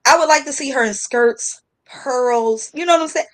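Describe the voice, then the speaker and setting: A woman hosts a casual talk show, her voice sitting a little high. She tells stories in an animated, slangy way and laughs often as she talks. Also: normal speed. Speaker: host. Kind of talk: casual chat storytelling.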